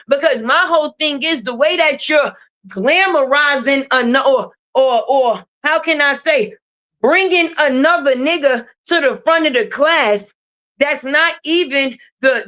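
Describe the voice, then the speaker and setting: A young adult woman rants on a livestream. She talks in a profane, confrontational, animated way. Her voice sits high. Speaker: streamer. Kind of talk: livestream rant. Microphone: streaming mic.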